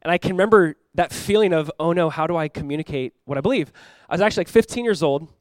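A young man from Southern California preaches, his voice sitting high and his words coming quickly. He tells his story in an animated way and acts out the people he quotes. The sound is dry and close. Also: no room sound. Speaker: pastor. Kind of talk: sermon.

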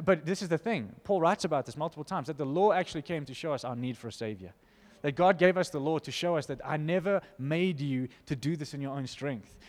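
A man preaching a sermon to his church, impassioned, swinging from loud to hushed. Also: on the high side. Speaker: pastor. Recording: long hall reverb.

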